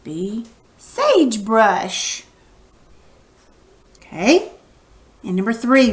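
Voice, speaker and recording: A woman's voice: on the high side, a bit bright. A woman teacher patiently walking students through a recorded reading lesson, talking casually while she writes on screen. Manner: patient, coaching, casual classroom talk; narrates while writing on screen.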